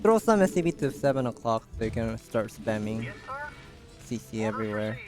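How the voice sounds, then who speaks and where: A man with a Korean accent coaching a player live, giving brisk, directive instructions and chuckling between them. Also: lowish voice, sing-song, over music.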